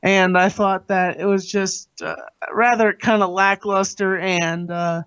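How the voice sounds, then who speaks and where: A man's voice: high-pitched, steady tone, a little slow, a bit bright, clear, resonant tone, no room sound. A man on a dull, dry call line brags and giggles. He rambles loosely as a podcast guest. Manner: boastful, giggly. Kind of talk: casual live podcast banter.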